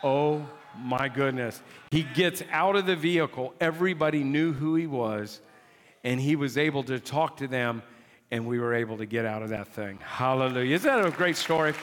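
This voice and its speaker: A man preaching a sermon as a pastor, telling a story in an animated, exclaiming, dramatic way. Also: medium pitch, moderate pace. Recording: long hall reverb.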